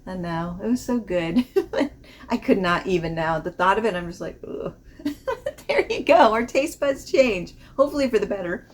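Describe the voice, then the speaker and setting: A woman vlogging a casual fragrance review, chatty and rambling, laughing often as she describes the notes. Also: fairly high pitch. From not from the American South.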